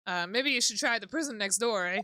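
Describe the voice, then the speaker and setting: A woman voicing a gruff, hostile male prison governor who blusters and threatens, with dialect words. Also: a little high, expressive, moderate pace, noisy background, natural voice. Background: background music.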